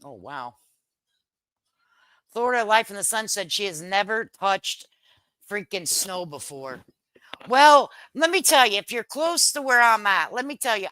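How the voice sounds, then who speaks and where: A woman's voice: medium pitch, sharp tone, no echo. A middle-aged woman hosting a casual livestream, reading viewer comments in a brash, joking way, swearing lightly and laughing often. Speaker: livestream host.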